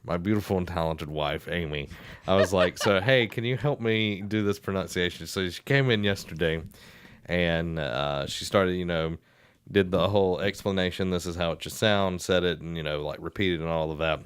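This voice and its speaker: Deep-voiced Southern man, rambling chat. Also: moderate pace, clean tone, dry recording, clean studio sound. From Southern United States. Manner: rambling storyteller, many fillers, laughs easily. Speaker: podcast co-host and school band director. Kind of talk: casual podcast chat.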